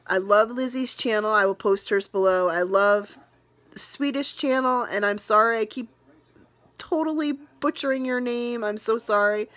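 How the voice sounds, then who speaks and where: A woman's voice: medium pitch, a bit bright, no echo. A woman vlogger from New England speaks straight to her viewers, close to tears. Her talk is earnest and rambling, full of restarts and heartfelt asides. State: emotional, near tears. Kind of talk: emotional personal vlog.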